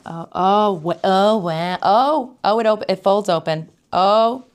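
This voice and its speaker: A woman vlogger giving casual unboxing commentary, excitable, gasping and often slipping into whispers. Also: medium pitch, slow.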